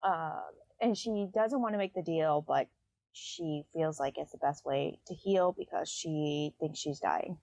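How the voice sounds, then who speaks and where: A woman's voice: sits low, measured pace, creaky, a little mellow, no room sound. A woman hosting a book podcast, recapping a story in a loose, chatty way with many fillers.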